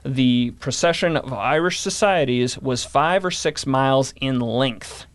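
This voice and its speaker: A man's voice: mid-range voice, a little slow, no echo. A man talking casually on a podcast, explaining history and reading from old newspaper accounts. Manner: explanatory, reads from old newspapers, some fillers. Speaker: guest historian. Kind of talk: podcast conversation.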